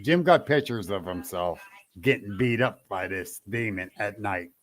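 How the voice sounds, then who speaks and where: A man hosting a casual talk about ghost hunting, chatting and greeting listeners in a relaxed way. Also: fairly low pitch, a little slow. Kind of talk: casual chat.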